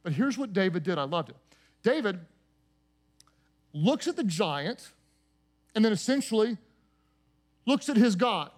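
A male pastor preaching a sermon, leading the congregation in call-and-response chants and rising to shouts. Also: sits high, big pitch swings, unhurried, pauses often.

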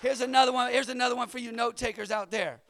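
A man preaching a lively sermon, shouting at the peaks and calling on the congregation to answer back. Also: extremely high pitch, fast talker, some chatter behind, a little hiss or hum. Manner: energetic, shouting at peaks, call-and-response. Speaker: pastor.

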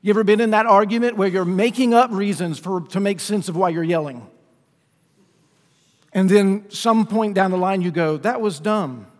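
A pastor with a high voice preaches a sermon to his congregation at normal speed, relaxed and conversational, repeatedly asking his listeners questions. His words ring out with a long reverb in the church sanctuary.

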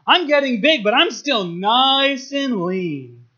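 A man voicing an excitable, imaginative young boy from a comic strip, reading him aloud in a church talk. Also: very high-pitched, takes it slowly, muffled recording, heavily acted. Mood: playful boasting.

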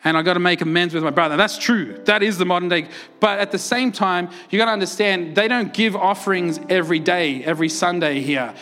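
Male pastor, high-pitched, lively sermon delivery, laughs often, rhetorical questions. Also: a little fast, hardly any pauses. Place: church.

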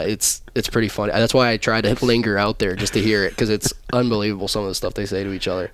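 A man's voice: fairly low pitch, steady tone, fast, few pauses, a bit bright, slight background noise. A young man and pro hockey player telling easygoing, rambling stories as a podcast guest, full of fillers. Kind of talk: casual podcast chat.

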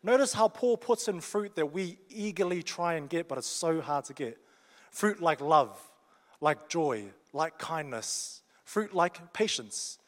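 A man's voice: fairly high pitch, animated, measured pace. A young man with a New Zealand accent preaching a sermon in a joking, conversational, down-to-earth way. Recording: long reverb of a large hall.

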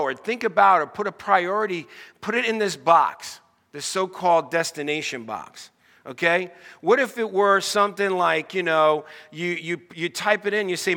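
A middle-aged American pastor delivers a sermon in a bright, forceful voice that sits a little high for a man. He talks in an easy, conversational way and keeps putting questions to the congregation. His words ring out with a long reverb across a church hall. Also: lively intonation, moderate pace.

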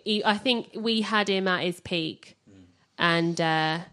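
A woman's voice: lowish voice, slow, pushed and bright. A woman guest on a football podcast, chatting casually with hesitant restarts. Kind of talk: casual football fan chat.

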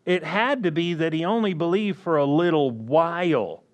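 A man preaching a sermon slowly and emphatically, often asking the congregation questions. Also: on the high side, dull audio.

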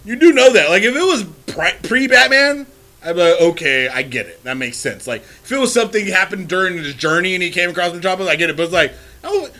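A man co-hosting a podcast in relaxed, profane casual chat that builds to excited bursts. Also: high-pitched, quick pace. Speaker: podcast co-host.

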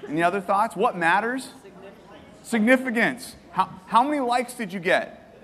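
A man preaching a sermon to a congregation, lively and joking, asking them questions and repeating their answers. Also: sits high, moderate pace, big-room sound. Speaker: pastor. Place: church hall.

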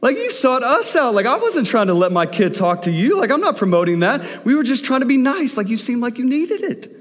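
A man's voice: very high-pitched, big pitch swings, fairly quick, in a large hall, pitched above the performer's own voice. A man voicing his exasperated young wife, talking in a raised, indignant way.

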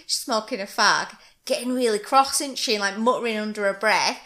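Chatty woman co-host, bright voice, giggly and animated. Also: mid-range voice, a little fast. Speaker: podcast co-host. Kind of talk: casual chat.

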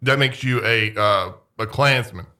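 A man hosting a casual political conversation, speaking hesitantly and haltingly with many fillers. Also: fairly low pitch, bright, forceful tone.

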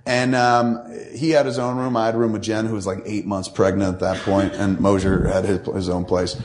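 A man's voice: fairly low pitch, level tone, fairly quick, a little hiss or hum. A man casually telling a long, profane, rambling anecdote into a mic, acting out the other people in it. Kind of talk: casual storytelling chat. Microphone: studio mic.

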